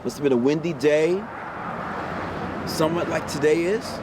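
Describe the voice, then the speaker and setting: A man reading a children's picture book aloud outdoors in a park, pausing to ask his young listeners questions. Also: fairly high pitch, noisy background. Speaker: storybook reader for children. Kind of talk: read-aloud storytelling. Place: outdoors in a park on a windy day.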